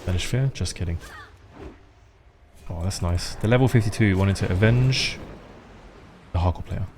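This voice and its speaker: A man with a somewhat low voice talking through a live game stream. He rambles casually, swears often and chats to viewers as he plays. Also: normal speed, darkish tone, a little hiss or hum.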